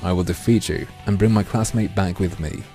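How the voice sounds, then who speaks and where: A man voicing a brash teenage girl heroine, speaking loudly and bluntly with indignation. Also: sits low, brisk, soft background music. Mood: defiant. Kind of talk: game dialogue read-aloud.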